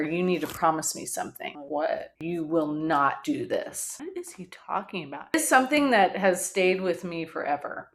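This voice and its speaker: A woman hosting a podcast, telling a painful family story in a candid, blunt way, with casual swearing and dark humor. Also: on the low side. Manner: dark humor with short laughs. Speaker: podcast host. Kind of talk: personal storytelling.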